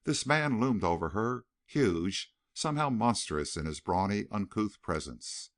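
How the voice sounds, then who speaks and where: A man narrating a western novel as an audiobook, reading in an expressive, dramatic way. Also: lowish voice, a little slow. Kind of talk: scripted narration.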